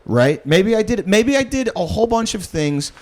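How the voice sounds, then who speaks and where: A man in an improvised comedy bit, sliding into a low, creepy murmur as he spins a menacing monologue. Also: very animated, moderate pace, a little mellow. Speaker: podcast co-host.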